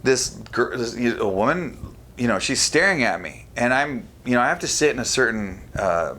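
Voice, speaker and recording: A middle-aged man from California telling stories in a casual podcast chat, animated and swearing freely. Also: medium pitch, normal speed, slight background noise. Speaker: podcast guest.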